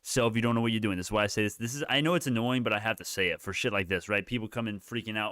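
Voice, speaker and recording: A man's voice: on the low side, racing, few pauses, a bit bright, clean tone, dry recording, clean studio sound. A man hosting a live stock market stream, commenting on price moves in a rambling way, often correcting himself mid-sentence and swearing now and then. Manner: rambling, self-correcting, profane. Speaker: livestream stock market host.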